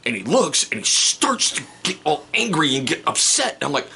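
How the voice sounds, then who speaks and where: A man's voice: on the high side, sing-song, moderate pace, creaky, pushed and bright, a little hiss or hum. A middle-aged man vlogging casually, telling a story in a rambling, chatty way that keeps correcting itself.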